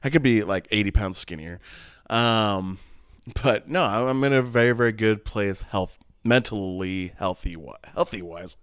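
A man's voice: on the low side, moderate pace, fairly bright tone, clear, resonant tone, no echo, studio quality. Rambling, profane man in his thirties. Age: 30s. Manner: rambling, profane and candid, with many restarts and laughs. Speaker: podcast host. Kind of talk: casual solo podcast chat.

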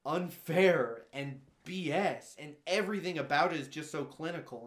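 A man's voice: on the high side, normal speed, few pauses, roomy sound. A young man chatting casually about a movie, acting out scenes in exaggerated voices. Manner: animated, acts out scenes in exaggerated quoted voices.

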